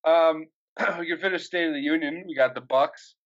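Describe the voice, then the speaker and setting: A man's voice: on the high side, moderate pace, dull audio. A young man co-hosting a casual sports podcast, laughing often as he runs through team news. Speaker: podcast co-host.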